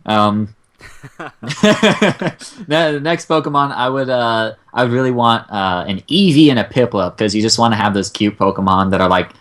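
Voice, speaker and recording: A young man co-hosting a casual chat, talking in long, excitable, profane rants. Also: mid-range voice, normal speed. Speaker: co-host.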